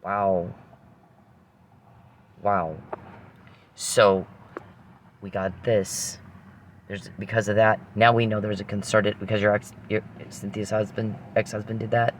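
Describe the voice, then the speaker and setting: A man's voice: lowish voice, level tone, slow pace, long pauses, slight background noise. Man ranting angrily at someone, profane. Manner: angry, accusing, profane, rhetorical questions. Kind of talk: confrontational rant addressed to one person.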